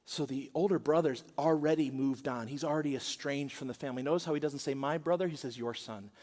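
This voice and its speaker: A man preaching a sermon as pastor, dramatic and animated, dropping to a hush and then rising loud as he acts out the story's quotes. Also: medium pitch, fast talker, long reverb tail. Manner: dramatic, swings from hushed to loud when acting out quotes. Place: large church auditorium.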